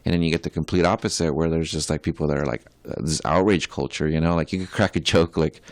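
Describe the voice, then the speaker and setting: A man's voice: extremely low pitch, steady tone, fast, no echo. A young adult man, a podcast co-host and musician, chatting casually in a rambling, profane way with many filler words.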